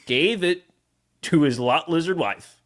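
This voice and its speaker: A man's voice: a little high, a little slow. A man co-hosting a podcast, chiming in with points in casual chat. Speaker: podcast co-host.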